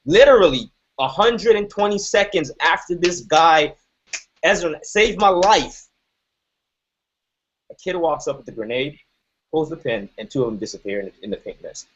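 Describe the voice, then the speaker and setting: The thirtysomething motivational speaker has a slightly high, husky voice with big swings in pitch, speaking at a normal pace. His emphatic talk is peppered with "right?", heard through dull, lo-fi audio.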